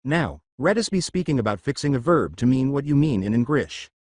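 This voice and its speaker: Guy voicing a loud goofy english teacher guy, mangled grammar, bouncy pitch, dry sound. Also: big pitch swings, a little fast, no room sound. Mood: boisterous. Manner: exaggerated broken English. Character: loud adult male English teacher, broken English.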